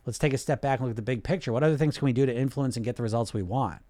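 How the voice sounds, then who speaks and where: Man doing a supportive inner coach voice, calm, encouraging, mid-pitched, dry close sound. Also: very fast, no room sound, close to an everyday voice. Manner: supportive, solution-seeking.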